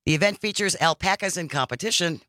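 A man's voice: sits high, quick pace, dry recording, studio quality. A man co-hosting a casual radio talk show, reading out news items and chatting with his co-host. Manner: animated, reads news items aloud.

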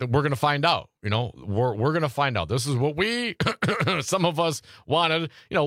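A male radio talk show host taking calls, who gets louder and faster when fired up. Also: medium pitch, no echo, studio quality. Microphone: studio mic.

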